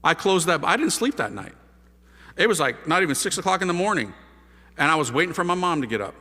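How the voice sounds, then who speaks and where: Animated man telling a story in a hall. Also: fairly high pitch, quick pace. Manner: lively, dramatic, acts out voices in his story. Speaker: priest giving his conversion testimony. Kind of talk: animated storytelling talk to an audience. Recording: long hall reverb.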